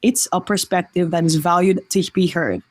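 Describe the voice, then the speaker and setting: A woman's voice: on the low side, steady tone, moderate pace, dry recording. A woman from Oahu, a podcast guest talking in an earnest, reflective way and often restarting her sentences. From Oahu, Hawaii. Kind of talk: reflective casual conversation.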